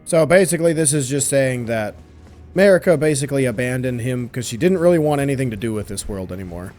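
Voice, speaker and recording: A hoarse man who has lost his voice, chatting casually through a game walkthrough and teasing the enemies on screen. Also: medium pitch, animated, fast talker, darkish tone, faint music behind. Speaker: gameplay walkthrough host.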